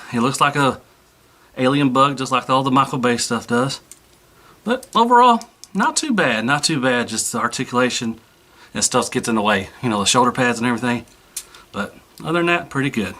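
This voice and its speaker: A man's voice: medium pitch, sharp tone. A man giving a casual toy review in an easygoing, rambling way, full of fillers.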